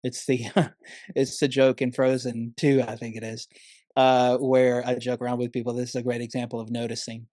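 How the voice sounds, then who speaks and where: A man's voice: medium pitch, flat delivery, normal speed, warm tone, no echo, clean studio sound. A man speaking as a therapist guest on a podcast, earnest and emphatic, often calling the listener "man". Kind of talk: conversational podcast interview.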